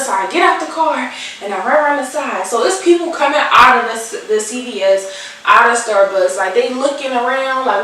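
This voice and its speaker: Animated young woman. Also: a little high, normal speed, far from the mic. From Philadelphia. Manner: animated, swearing, acts out the people in her story. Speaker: vlogger. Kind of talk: storytime vlog while doing makeup. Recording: echoey room, off-mic, faint hiss.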